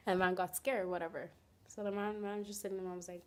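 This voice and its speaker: Low-voiced woman telling a storytime vlog. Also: fast talker. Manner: animated retelling, voicing each person in turn. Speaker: vlogger. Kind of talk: storytime vlog, retelling a family dispute.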